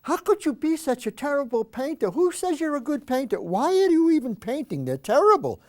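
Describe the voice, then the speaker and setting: A man's voice: very high-pitched, sing-song, a little fast, voice pushed up. A man voicing a scornful male priest who harshly scolds a painter.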